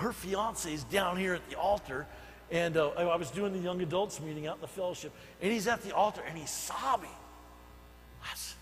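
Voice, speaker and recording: An older man, a senior pastor, preaching a sermon, telling stories and swinging between soft asides and loud emphatic bursts. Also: fairly high pitch, in a large hall, low-quality recording. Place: church sanctuary.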